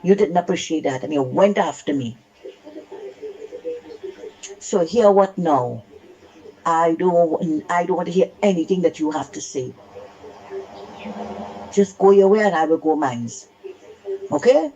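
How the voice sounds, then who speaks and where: A woman's voice: lowish voice, expressive, measured pace, pauses often, mellow, muffled recording. A woman calling in to a radio talk show, speaking indignantly and emphatically and repeating her points. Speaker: radio caller.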